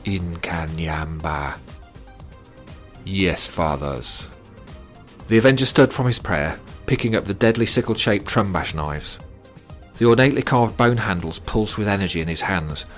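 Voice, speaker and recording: A man reading a horror audiobook in a dramatic, measured way. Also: lowish voice, lively intonation. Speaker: narrator. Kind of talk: scripted horror story narration. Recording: narration with loud music bed.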